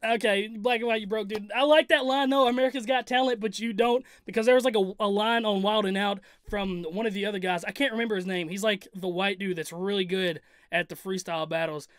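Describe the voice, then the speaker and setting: A man's voice: high-pitched, fairly even intonation, a little fast, few pauses, a bit bright, clear, resonant tone, dry recording. A man hosting a reaction channel, commenting casually on a rap song with a laid-back, rambling manner and easy laughter.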